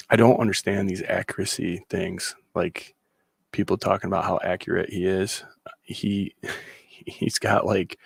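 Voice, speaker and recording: A man's voice: sits low, creaky, slightly rough, no room sound, studio quality. A man co-hosting a casual sports panel podcast, giving blunt opinions and reading out viewer comments. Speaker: podcast co-host.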